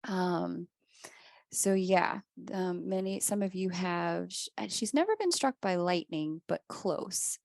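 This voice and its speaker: A woman's voice: on the low side, slow pace, vocal fry, darkish tone, no echo, studio quality. A woman giving a casual spiritual talk as an astrologer and reader, chatty, often laughing and acting out the people in her stories.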